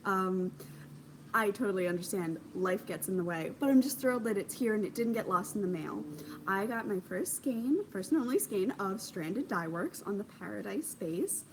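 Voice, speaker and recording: A woman's voice: mid-range voice, moderate pace, rough recording. Casting: young woman, home knitting vlogger, bubbly and rambling, light hiss on the track. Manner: gushing, chatty, many ums, bursts of excitement. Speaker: knitting podcast host. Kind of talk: casual chat. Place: home craft corner, indoors.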